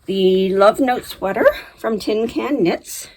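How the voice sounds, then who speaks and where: A woman's voice: medium pitch, slow, darkish tone. A middle-aged woman hosting a knitting video, chatting casually to camera and laughing easily as she talks. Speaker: knitting podcast host.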